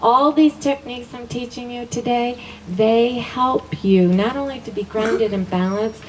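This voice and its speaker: A woman's voice: on the high side, unhurried. A middle-aged woman teaching a class, leading spoken affirmations and repeating each phrase twice in an upbeat way, laughing often. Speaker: wellness teacher. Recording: voice from a distance with faint background noise.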